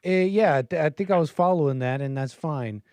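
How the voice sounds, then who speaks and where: A man's voice: on the high side, brisk, a little mellow, clear, resonant tone, dry recording. A man hosting a call-in show, talking loosely and trailing off mid-sentence. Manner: loose, conversational, trailing off often. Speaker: talk show host.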